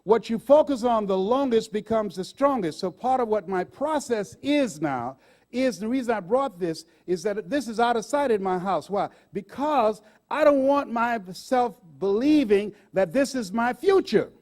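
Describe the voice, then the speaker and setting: A man in his sixties giving a live motivational speech on stage, animated and laughing often as he talks to the audience. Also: sits high, moderate pace. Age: 60s. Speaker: motivational speaker.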